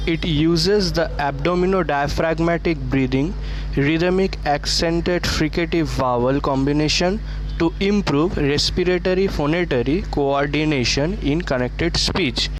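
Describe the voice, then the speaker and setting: A man's voice: fairly high pitch, unhurried, a little hiss or hum, poor audio. A young man reading a scripted student presentation in a plain, textbook-like way.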